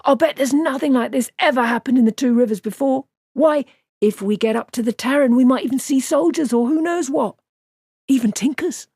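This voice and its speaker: A woman voicing an eager, boastful young village man in an audiobook, talking in an excited, pushy way. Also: high voice, brisk, breathy edge, dry recording, studio quality, pitched above the performer's own voice.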